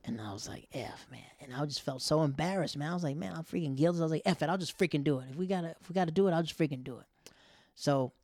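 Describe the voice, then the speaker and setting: Animated man telling a story, dry close mic. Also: very fast, no room sound. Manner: animated, acts out quotes with sudden loud high bursts; drops to a near whisper for embarrassed asides. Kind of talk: casual storytelling.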